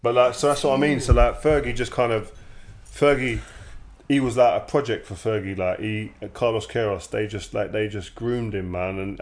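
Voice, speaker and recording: Animated man telling football stories. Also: on the low side. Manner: animated, laughs while telling stories, acts out quoted dialogue. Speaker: former footballer guest. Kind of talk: casual storytelling chat.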